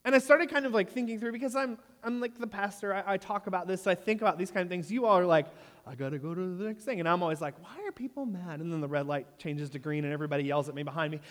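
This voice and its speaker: Delivering a sermon in a large hall with long reverb, a male pastor in his thirties tells a humorous story in an animated, joking way, often checking in with "right?". His voice is high and he talks rapid-fire, hardly pausing.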